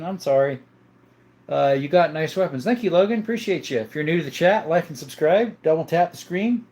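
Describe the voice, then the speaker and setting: A man hosting a casual livestream from home, reading viewer comments aloud in an easygoing way, chuckling often and thinking out loud. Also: mid-range voice. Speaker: livestream host.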